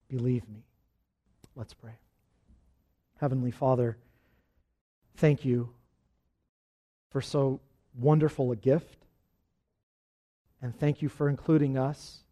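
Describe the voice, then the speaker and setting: A man preaching a sermon, swinging from hushed, quiet lines to loud, rising passages and leading his congregation in repeating phrases. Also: mid-range voice. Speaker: pastor.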